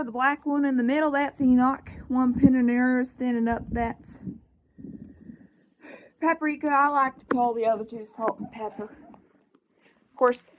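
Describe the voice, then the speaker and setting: A woman's voice: a little mellow, a little hiss or hum. A young woman with a put-on Southern drawl, chatting casually while walking around a farm, a little out of breath. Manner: chatty, coos at animals in a high baby voice. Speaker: farm vlogger. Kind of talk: casual walk-and-talk farm vlog. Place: outdoors on a farm.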